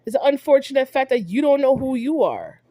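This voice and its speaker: Woman, fairly high voice, ranting and scolding, repetitive, dry close sound. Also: big pitch swings, fairly quick, warm tone, no echo. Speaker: vlogger. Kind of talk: heated monologue to camera.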